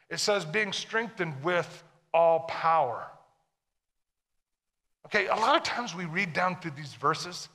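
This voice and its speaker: A man's voice: on the high side, pushed and bright, in a large hall. A man preaching a sermon to a congregation, emphatic and full of questions to the listeners. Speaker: pastor.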